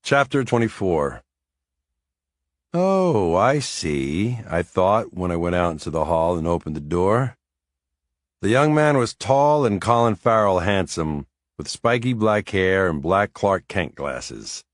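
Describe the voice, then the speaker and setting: A man with a fairly low voice reads a first-person thriller audiobook. His delivery is measured, wry and a little weary. The sound is close and dry, with no room around it. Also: expressive, no room sound. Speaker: audiobook narrator.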